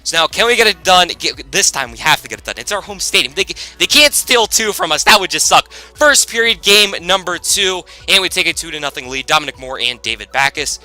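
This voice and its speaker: A man with a high, very bright, piercing voice narrates a simulated hockey season for his channel. He swings from rambling asides to excited shouting whenever a big play lands. Faint game music plays under him. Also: fairly quick, few pauses, poor audio. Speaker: gaming YouTuber. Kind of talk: hockey video game commentary.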